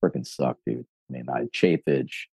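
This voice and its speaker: A deep, mellow man in his forties tells how he got into fitness, recorded close and dry. He talks casually, swears freely and plays out the voices of friends and himself. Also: moderate pace, gravelly, slightly rough, dry recording. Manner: animated storyteller, acts out quotes, swears casually. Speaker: gym owner and fitness coach. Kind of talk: podcast interview, casual storytelling.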